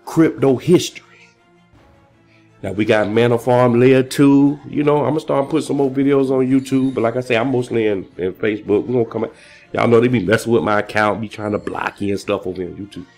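A man talking casually and excitedly in a rambling vlog, full of slang and shout-outs, a little out of breath. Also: medium pitch, brisk, soft background music. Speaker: crypto vlogger.

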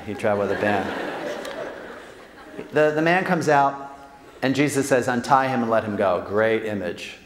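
A man, a Jesuit priest, giving an animated, joking talk to an audience, acting out quotes and often tagging lines with "right?". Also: mid-range voice. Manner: animated, jokey, acts out quotes, frequent "right?" tags. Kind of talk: lively faith talk to an audience. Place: large hall with audience. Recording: echoey hall with long reverb.

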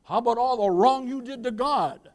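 A male pastor preaching a sermon in a church, emphatic, calling out to the congregation and swinging between loud emphasis and quiet asides. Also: very high voice, moderate pace.

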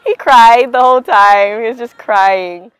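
A woman's voice: fairly high pitch, measured pace, a bit bright, clean tone, no room sound, poor audio. A young woman recounting her engagement in a casual interview, playful and affectionate, acting out remembered exchanges. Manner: playful, acts out quotes, affectionate. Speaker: bride-to-be interviewed for an engagement video.

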